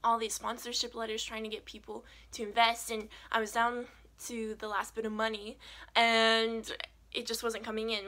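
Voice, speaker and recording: A young woman telling a personal faith story as a vlogger, earnest and animated, with lots of "like". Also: on the high side. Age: young adult. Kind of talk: personal testimony.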